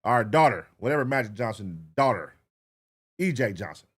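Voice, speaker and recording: Hyped up guy streamer yelling at chat, voice jumps all over, cursing a lot. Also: mid-range voice, normal speed, husky. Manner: loud, excitable, profane, animated. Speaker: streamer reacting to videos. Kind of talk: casual livestream chat.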